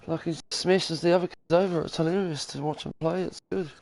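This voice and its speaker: Kiwi guy on a headset chatting away, kinda high voice, loose and sweary. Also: fairly even intonation, brisk, darkish tone, no room sound, poor audio. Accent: New Zealand. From New Zealand. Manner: rambling, profane and laid-back. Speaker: game streamer. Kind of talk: casual chat. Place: lounge at home.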